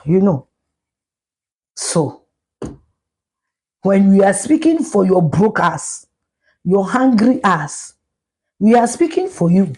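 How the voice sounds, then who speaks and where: A woman's voice: medium pitch, dark tone, husky. A middle-aged woman with a Ghanaian accent, ranting bluntly and profanely on a live stream, switching between Twi and English. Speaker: social media commentator.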